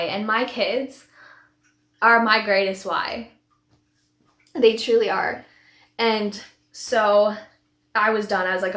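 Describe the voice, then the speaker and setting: A woman's voice: mid-range voice, fairly bright tone. Emotional woman vlogger in an echoey room. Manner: heartfelt, rambling with many restarts and laughs. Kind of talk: emotional personal storytelling.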